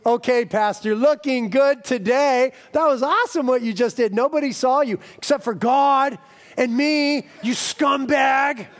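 Brief: a preacher putting on a high, sarcastic devil voice, taunting and sneering. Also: male voice, a little slow. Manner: sarcastic, mocking.

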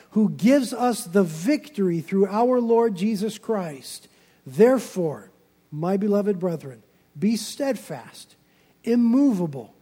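A man with a high-pitched voice preaches a sermon. He swells into loud, emphatic passages and then drops low and quiet. A long hall reverb trails after every phrase. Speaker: pastor.

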